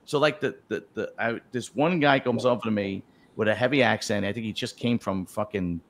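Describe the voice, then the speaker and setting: A man's voice: lowish voice, a little fast. A man hosting a casual chat, talking bluntly and profanely, rambling with many restarts. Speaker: host.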